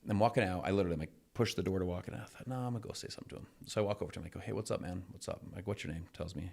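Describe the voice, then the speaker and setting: A middle-aged man hosting a podcast, chatting casually and telling stories with lively acted-out quotes. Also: low voice, racing, vocal fry, husky. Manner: energetic, acts out quoted voices in anecdotes. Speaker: podcast host. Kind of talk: casual chat, storytelling.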